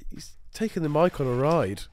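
A young man co-hosting a podcast, quick-witted and playful in casual comedic chat. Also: fairly high pitch, sing-song, a little mellow, slight background noise. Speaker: podcast co-host.

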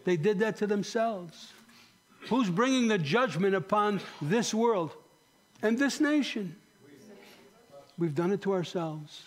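High-voiced preaching man. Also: animated, slow, long pauses. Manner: impassioned preaching, rising to emphatic high questions then dropping soft. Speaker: pastor. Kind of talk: sermon.

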